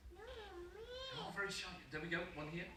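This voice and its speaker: A man's voice: very high-pitched, huge pitch swings, normal speed, over a noisy crowd. A man fielding audience questions at a convention panel, joking and hesitant. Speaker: panel guest hosting questions. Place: large convention hall. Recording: echoey hall, distant mic, loud noise.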